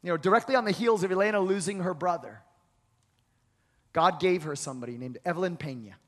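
Fast and high-voiced, this male pastor preaches with dramatic emphasis. He acts out dialogue and works up to emphatic, repeated phrases, and the sound echoes with hall reverb.

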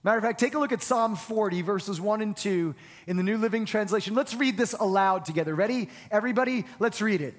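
Pastor delivering an earnest sermon, high voice, frequent restarts, long hall reverb. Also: male voice, fast. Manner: earnest preaching with repeated stammered restarts.

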